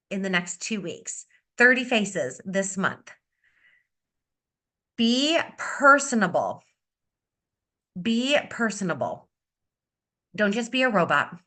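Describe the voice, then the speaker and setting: A woman beauty consultant giving an upbeat, energetic sales-training talk on a video call, repeating her key advice. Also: mid-range voice. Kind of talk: coaching talk on a video meeting.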